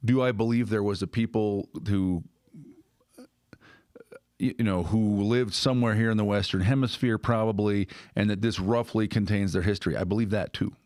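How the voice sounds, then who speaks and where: A man's voice: fairly low pitch, fairly even intonation, normal speed, darkish tone, no echo, studio quality. A man hosting a podcast conversation, thinking aloud with restarts and checking in with "right?". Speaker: podcast host. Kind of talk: casual conversational discussion.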